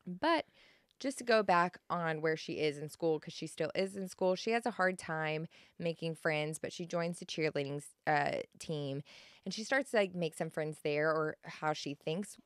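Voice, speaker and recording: A woman's voice: deep voice, normal speed, clear, resonant tone, dry recording, clean studio sound. A woman co-hosting a podcast, casually retelling a life story with plenty of "like" and quoted lines. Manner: animated retelling with quoted voices. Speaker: podcast co-host.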